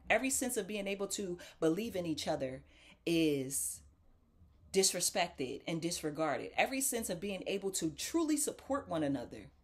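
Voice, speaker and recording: A woman telling a casual story to viewers, acting out the voices of the people in it. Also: lowish voice. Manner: animated, acts out quoted voices; talks straight to viewers as "y'all". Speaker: talk show host.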